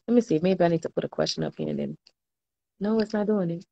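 A woman's voice: lowish voice, animated, fast, vocal fry, dark tone, highs cut off. Chatty young woman reading comments. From New Orleans, US. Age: 20s. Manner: chatty, laughs often, slangy, reads comments aloud. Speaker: livestream host. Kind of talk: casual livestream chat reading viewer comments.

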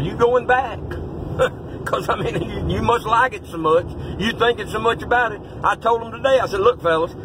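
A middle-aged male pastor, giving a fiery, folksy pep talk that rises to shouts. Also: high voice, background noise. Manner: folksy, blunt, rising to shouts.

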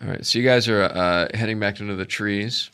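A man's voice: fairly low pitch, brisk, a bit bright, clear, resonant tone. A man running a tabletop game as game master, narrating in a rambling way full of fillers.

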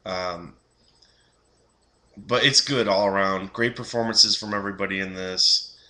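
A man's voice: low-pitched, a little slow, pushed and bright. A young man giving a casual, rambling film review, full of fillers and restarts.

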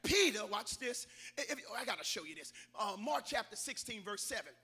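A man preaching a sermon, calling on the congregation and rising to shouted climaxes. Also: high voice, very animated, moderate pace, husky. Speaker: pastor. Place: church sanctuary.

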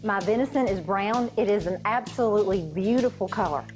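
A woman's voice: mid-range voice, a little fast, darkish tone. A woman guest cook explaining a stew recipe step by step with enthusiasm. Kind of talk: cooking demonstration. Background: music.

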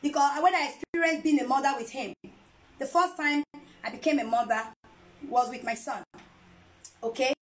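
A woman's voice: high-pitched, normal speed, long pauses, poor audio. A woman chatting casually to camera as a vlogger, playful and teasing, laughing often. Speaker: vlogger and mother.

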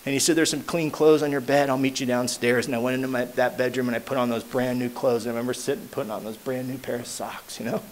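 A man speaking at a recovery meeting, telling his own story in a casual, slangy way and going quiet at the hard parts. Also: medium pitch, steady tone, fast, few pauses, slight background noise. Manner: casual, slangy storytelling, dropping to a hushed voice at emotional moments. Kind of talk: personal recovery story told to a crowd. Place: meeting hall.

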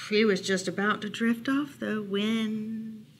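A woman librarian reading a bedtime picture book aloud, gentle and unhurried, with playful asides. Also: mid-range voice, level tone, slight background noise. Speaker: children's librarian storyteller.

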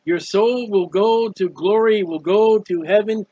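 Earnest high-voiced preacher, dull dry recording. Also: male voice, a little slow, mellow, dry recording. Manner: earnest, pleading, repetitive phrasing. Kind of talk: sermon-style hymn commentary.

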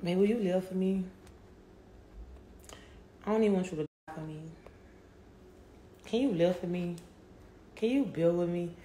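Brash young woman rapper, low and roomy. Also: measured pace, pauses often, mellow, a little hiss or hum. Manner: brash, boastful and profane. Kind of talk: casual interview talk. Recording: roomy echo.

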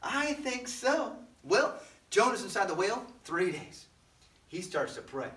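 A man's voice: sits high, very animated, measured pace, a bit bright. A man leading a children's church service, telling a Bible story in a playful way with sound effects. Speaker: children's pastor. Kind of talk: animated Bible storytelling for kids. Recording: roomy, from mic distance.

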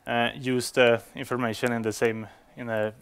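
Halting man giving a tech talk. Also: mid-range voice, little pitch movement, fairly bright tone, clear, resonant tone. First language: Swedish. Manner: hesitant, many fillers and restarts. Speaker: conference speaker. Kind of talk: conference talk.

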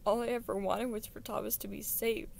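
A woman's voice: medium pitch, steady tone, brisk, creaky, a little mellow, slight background noise. A woman reading a fan story aloud and voicing an anxious young man in pain, speaking strained through clenched teeth. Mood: pleading.

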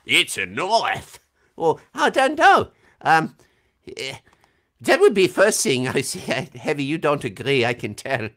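Man, voice actor, livestream fan Q&A, video call, unhurried, playful, laughs often. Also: fairly high pitch, very animated, a bit bright. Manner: playful, laughs often, reads chat comments aloud. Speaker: voice actor answering fan questions. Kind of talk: casual livestream Q&A.

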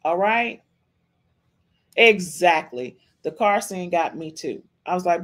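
A woman's voice: fairly low pitch, expressive, slow, fairly bright tone. Chatty emphatic woman podcast host. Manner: emphatic and chatty, keeps adding "okay?". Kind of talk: casual reaction commentary on a livestream.

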